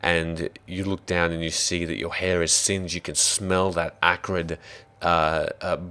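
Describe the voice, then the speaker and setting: Deep creaky aussie dm, takes it slow, lots of uhs. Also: male voice, level tone, bright, forceful tone. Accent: Australian. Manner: descriptive, hesitant with fillers. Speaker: dungeon master. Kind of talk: narrating a tabletop game.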